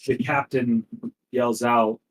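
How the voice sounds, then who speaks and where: A man narrating a tabletop game as game master, setting the scene in a deliberate, descriptive way. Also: medium pitch, steady tone, slight background noise, low-quality recording.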